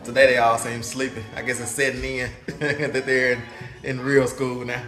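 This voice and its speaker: A man's voice: mid-range voice, flat delivery, normal speed, fairly bright tone, soft background music. A man with a Southern US accent, casually vlogging from his kitchen at home as a father, chuckling and repeating words as he talks. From Mississippi, US.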